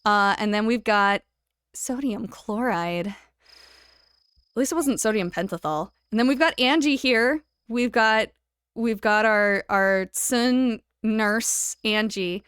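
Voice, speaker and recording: A woman's voice: a little high, slow, fairly bright tone, clean tone, no room sound, studio quality. Chatty, giggly young woman streamer. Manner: chatty and giggly, thanking followers; reads game dialogue aloud. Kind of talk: casual live-stream chat over gameplay.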